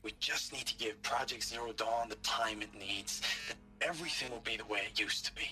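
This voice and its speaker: A man's voice: mid-range voice, fairly quick, bright, forceful tone, soft background music. An actor playing an adult male soldier recording an upbeat, chatty letter home in a video game audio log.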